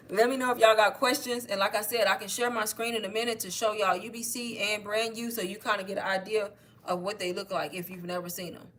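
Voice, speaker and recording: A woman talking casually on a livestream, pitching online courses, slightly out of breath and calling her viewers "y'all". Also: little pitch movement, brisk, fairly bright tone. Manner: chatty, addresses viewers as y'all. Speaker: online marketing creator. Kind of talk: casual livestream sales talk.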